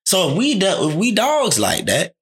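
A man's voice: high-pitched, huge pitch swings, moderate pace, a bit bright. A man talking in a casual, slangy chat, often acting out quoted dialogue.

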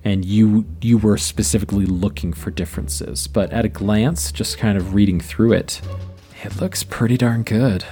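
A man running a tabletop role-playing podcast as game master, narrating in a relaxed, rambling way with many fillers. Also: lowish voice, moderate pace, faint music behind.

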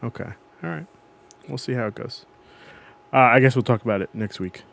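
A man's voice: mid-range voice, brisk, gravelly, a bit bright. Rambling podcast co-host man. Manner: rambling, self-correcting storyteller. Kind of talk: casual chat. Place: podcast recording.

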